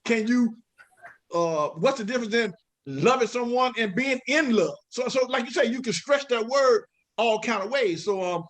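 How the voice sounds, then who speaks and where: A man on a talk panel with a fairly high voice, sounding earnest and emphatic as he makes his point. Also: animated, normal speed, a bit bright. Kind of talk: casual discussion.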